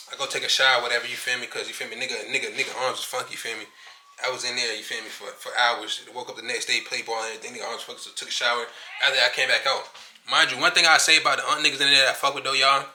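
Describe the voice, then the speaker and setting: A young man from Virginia telling a story to camera in casual, profane slang, animated and talking in quick bursts. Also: medium pitch, echoey room, slight background noise. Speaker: vlogger.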